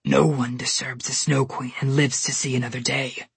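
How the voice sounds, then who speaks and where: A sly, growling polar bear, as a woman narrator puts him on speaks low and husky, sneering and scheming. It is storybook villainy from a deep, strange-sounding register, recorded dry and close. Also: level tone, moderate pace, no echo, heavily acted. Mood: menacing. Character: sly, menacing male polar bear guard.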